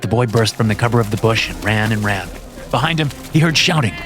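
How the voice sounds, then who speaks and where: A man with a lowish voice reads a horror story at a measured, steady pace. The telling is scripted and even, with faint music in the background. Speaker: narrator.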